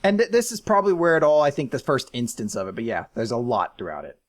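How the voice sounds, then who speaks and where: A podcast co-host in casual chat, ranking a list, animated and sarcastic, breaking into shouted impressions. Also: mid-range voice, fast.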